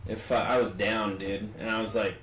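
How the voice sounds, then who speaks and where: Excitable male co-host cussing through an anecdote in an echoey room, music clearly audible. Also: fairly low pitch, moderate pace. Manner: profane, excitable interjections. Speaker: podcast co-host. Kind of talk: casual chat.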